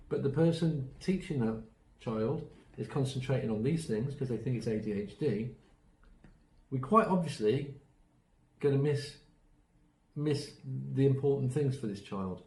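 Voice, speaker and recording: A man's voice: medium pitch, warm tone, echoey room, rough recording. A man giving an online workshop on autism strategies, telling anecdotes in a chatty way with many ums and restarts. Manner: chatty storytelling, acts out quoted voices, frequent ums and restarts.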